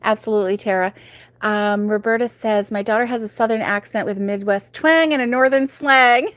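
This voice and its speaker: A woman with a voice on the high side hosts a crochet livestream from home, speaking at normal speed with no room sound. She chats casually and reads viewer comments, giggling often and saying um a lot.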